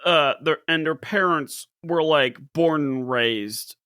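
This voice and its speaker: A woman's voice: deep voice, slow, no room sound, studio quality. A woman co-hosting a casual podcast, telling stories with lots of laughter. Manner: animated storyteller, laughs a lot. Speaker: podcast co-host. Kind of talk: casual chat.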